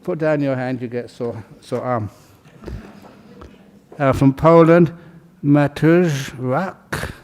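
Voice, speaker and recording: A Buddhist monk leading a ceremony, calling out names in a casual, joking way and laughing between them. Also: male voice, medium pitch, slow, darkish tone. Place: large hall.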